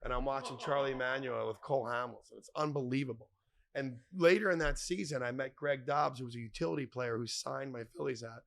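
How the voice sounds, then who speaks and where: A man telling wild stories as a podcast guest, animated and profane, acting out other people's lines. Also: medium pitch, a little fast, gravelly. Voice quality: animated, profane, acts out quoted voices. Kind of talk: casual storytelling.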